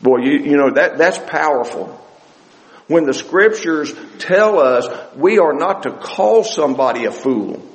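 A man preaching a sermon as pastor of a church, animated and repeating words, slowing down to stress a point. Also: fairly high pitch, long reverb tail, low-quality recording.

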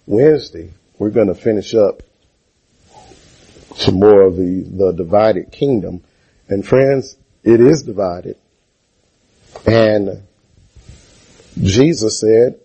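Husky, mellow-voiced man preaching. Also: mid-range voice, unhurried, dull audio. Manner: call-and-response, rhetorical questions to the congregation. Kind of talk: sermon.

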